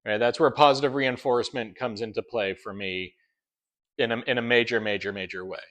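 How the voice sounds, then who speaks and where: A man's voice: mid-range voice, fairly even intonation, a little fast, fairly bright tone. Man explaining dog training, plain mid voice. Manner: explanatory, frequent "right?" check-ins. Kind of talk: instructional talk.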